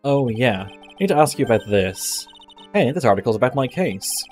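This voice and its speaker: A man's voice: mid-range voice, big pitch swings, moderate pace, darkish tone, faint music behind, close to an everyday voice. A man voicing a flustered young defense lawyer who makes dry, sarcastic remarks, reading game dialogue.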